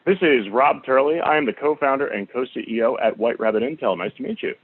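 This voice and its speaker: A man works through cold calls at a quick clip, courteous and upbeat. His voice is dry and narrow, as if squeezed through a phone line. He stays easygoing even when calls drop. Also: medium pitch, no echo. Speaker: sales caller. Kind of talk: cold calling and casual chat. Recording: tinny dry phone-like audio.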